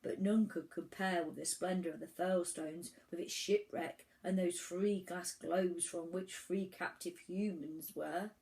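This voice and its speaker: A woman reading a children's storybook aloud, telling it in an animated way with the odd restart. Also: fairly low pitch, a little slow, creaky, hardly any pauses, low-quality recording. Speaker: children's book reader.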